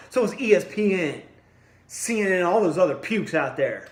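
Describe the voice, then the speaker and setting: Pissed off guy ranting at the camera, kinda high voice, blunt and combative, echoey room. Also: lively intonation, moderate pace. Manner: blunt, combative, addresses listeners directly. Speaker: vlogger. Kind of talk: angry ranting monologue.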